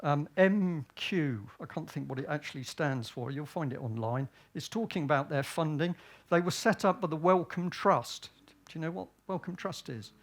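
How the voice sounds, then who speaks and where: A man's voice: fairly high pitch, normal speed. A man from Britain giving a public talk, often asking himself rhetorical questions and answering them. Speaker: speaker at a public event.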